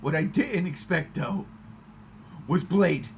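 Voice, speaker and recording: Excitable swearing man, animated pitch. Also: takes it slowly, gravelly, a little hiss or hum. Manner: excitable, swearing, loud outbursts. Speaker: podcast co-host. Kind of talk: excited casual movie chat.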